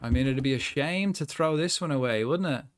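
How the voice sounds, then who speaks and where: A man's voice: mid-range voice, a little fast. A young man chatting casually while commentating his own football management game, rambling with lots of asides. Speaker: gaming streamer.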